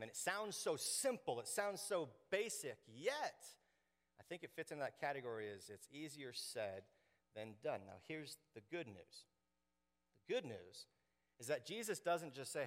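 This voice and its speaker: A man preaching a sermon to his congregation, animated and joking, acting out quoted voices. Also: mid-range voice, moderate pace. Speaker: pastor. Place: church sanctuary. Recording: long hall reverb.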